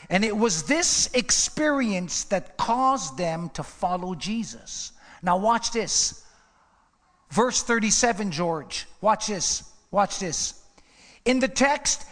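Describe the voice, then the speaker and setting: High-pitched preacher man in a reverberant hall. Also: lively intonation, takes it slowly. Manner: passionate, swings from hushed low asides to rising emphatic runs. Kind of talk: sermon.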